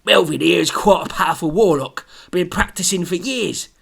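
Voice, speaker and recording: A man's voice: high-pitched, normal speed, vocal fry, breathy edge, pitched above the performer's own voice, full character voice. A man voicing a brash, eager-to-help male pub landlord with a London accent, friendly and slangy. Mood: chummy. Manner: chummy, loud, slangy.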